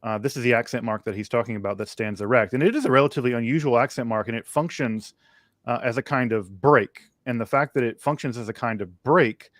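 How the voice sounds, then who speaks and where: A man co-hosting a live text study, explaining in a measured, thoughtful way with frequent fillers. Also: medium pitch, a bit bright, no room sound, clean studio sound. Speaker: co-host of a text study livestream. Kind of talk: conversational scholarly explanation.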